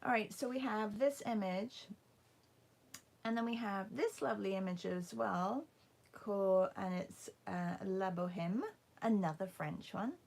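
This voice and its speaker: A woman's voice: medium pitch, a little slow, vocal fry, darkish tone. A woman hosting a casual livestream art class, chatting with viewers and greeting them by name, sometimes dropping into a whisper.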